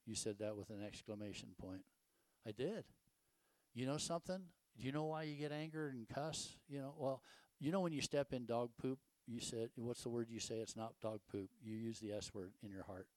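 A man's voice: mid-range voice, moderate pace, a little mellow, no room sound. An older man, preaching a casual, folksy sermon full of rhetorical questions and stories. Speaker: pastor.

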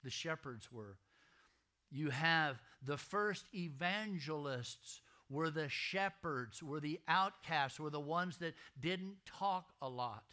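A man's voice: on the high side, lively intonation, slow, sharp tone. A man preaching a sermon in a folksy, conversational way, speaking straight to his congregation. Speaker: pastor.

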